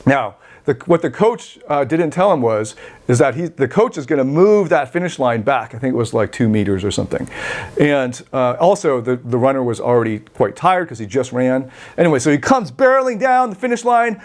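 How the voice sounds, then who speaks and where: A man hosting a coaching podcast, telling a story in a rambling, animated way with many self-corrections. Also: medium pitch, moderate pace. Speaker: podcast host and life coach. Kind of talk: storytelling monologue.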